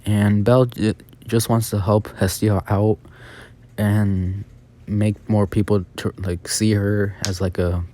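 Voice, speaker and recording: A man's voice: fairly low pitch, little pitch movement, slow, mellow. A man improvising a casual fan story, rambling with many fillers and restarts.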